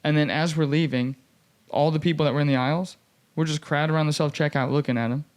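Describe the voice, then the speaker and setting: A man's voice: fairly high pitch, fast talker, clean tone. A young man hosting a podcast, telling a story in casual chat and acting out the people he quotes, with many fillers. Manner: animated, acts out quoted voices, many "like" fillers.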